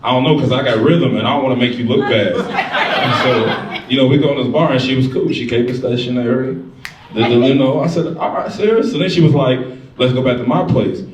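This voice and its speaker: A man doing a stand-up comedy set, telling stories in a profane, animated way. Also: mid-range voice, a little fast, a little hiss or hum. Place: comedy club stage. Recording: echoey club, distant mic, loud crowd. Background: crowd laughter.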